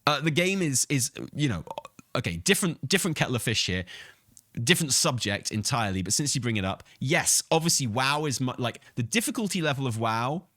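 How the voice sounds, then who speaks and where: A streamer and channel host with a medium-pitched voice runs a casual gaming commentary, very animated and brisk with a sharp tone. He answers chat messages bluntly and argumentatively, swearing and laughing often. The audio is clean studio sound with no room echo.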